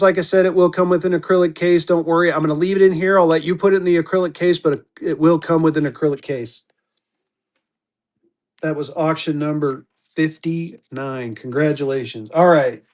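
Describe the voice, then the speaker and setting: A man's voice: fairly high pitch, steady tone, normal speed. A man selling banknotes in a live-stream auction, with hyped, repetitive auctioneer patter.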